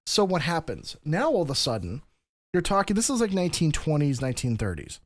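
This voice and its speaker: A man's voice: a little high, sing-song, a little fast, dry recording. Man explaining history on a podcast. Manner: explanatory, lecturing with frequent restarts. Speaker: podcast host. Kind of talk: casual podcast discussion.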